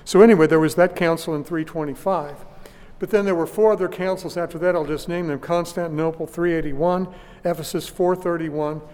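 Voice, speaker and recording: A man's voice: fairly high pitch, fairly even intonation, a little mellow. Man preaching in an echoing hall. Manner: deliberate teaching with frequent restarts. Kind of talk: sermon. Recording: long hall reverb.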